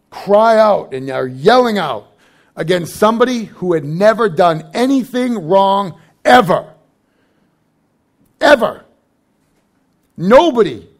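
Young guy preaching, high voice with a gravelly edge, chatty with jokes. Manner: conversational preaching with jokes and asides. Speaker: pastor. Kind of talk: sermon.

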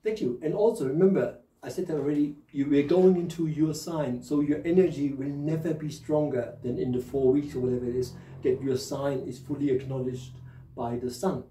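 This tarot reader and host, a man with a German accent, keeps his casual reading chatty and jokey and often laughs at himself, lisping slightly because of new dentures. His fairly high, warm voice holds a steady tone at a slightly quick pace. The low-quality recording sounds roomy and distant, with slight background noise.

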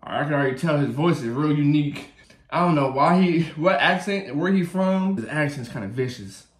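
A man's voice: on the high side, brisk, a little hiss or hum. A man hosting a reaction video, chatty and hyped, talking straight to his viewers. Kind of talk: casual reaction commentary. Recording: echoey room, faint music behind.

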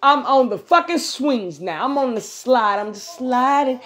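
A woman giving viewers a casual spiritual pep talk, profane and animated, laughing often and breaking into bits of song. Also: high-pitched, measured pace. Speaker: spiritual vlogger.

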